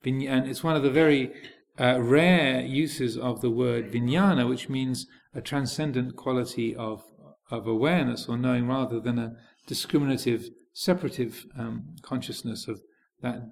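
A man's voice: mid-range voice, normal speed, gravelly, a little mellow. A man teaching as a Buddhist monk, giving a dharma talk with a hesitant delivery full of fillers and restarts.

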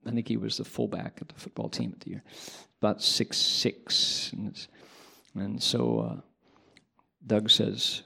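Gravelly-voiced monk telling a story. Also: male voice, lowish voice, a little slow. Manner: animated storytelling, conversational asides. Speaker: Buddhist monk. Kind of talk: sermon. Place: Buddhist monastery.

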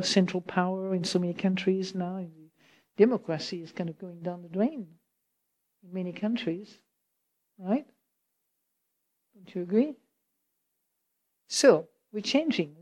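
A woman's voice: mid-range voice, mellow. French-accented woman, Buddhist teacher, loose chatty Q&A, laughs and checks in with the room. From France. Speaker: Buddhist teacher answering questions. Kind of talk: informal dharma Q&A talk.

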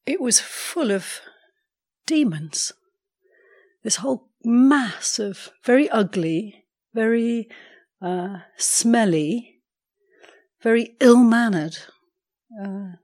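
A woman meditation teacher telling a story during a morning sitting, in a measured, unhurried way, clearing her throat now and then. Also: medium pitch, a little mellow. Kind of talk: storytelling dharma talk.

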